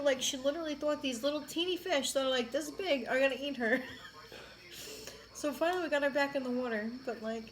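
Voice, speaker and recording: High-pitched woman in her 30s rambling through a story, like, like, like, faint hum behind. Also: brisk, rough recording. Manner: chatty storyteller, many "like" fillers. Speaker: vlog co-host. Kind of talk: casual chat.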